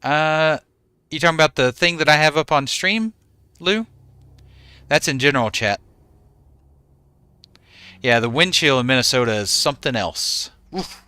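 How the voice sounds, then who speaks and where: A man's voice: a little high, lively intonation, measured pace, pauses often, pushed and bright, smooth, no room sound. A man in his forties, a game streamer chatting casually with his viewers and answering them by name.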